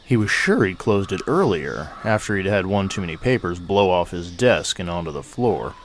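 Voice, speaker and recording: A man reading a short story aloud at a measured, steady pace. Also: low-pitched. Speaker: narrator.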